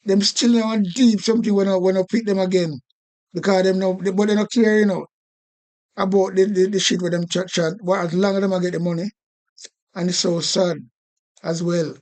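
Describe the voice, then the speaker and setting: A man's voice: sits high, little pitch movement, brisk, darkish tone. A man with a Jamaican accent ranting indignantly on a live stream, repeating himself and swearing. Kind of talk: casual political rant.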